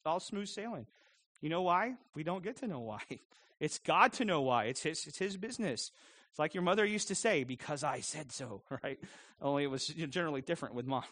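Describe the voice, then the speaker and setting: A man's voice: a little high, fairly bright tone, dry recording. Earnest male pastor preaching. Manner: earnest, asks many rhetorical questions, chuckles often. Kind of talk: sermon.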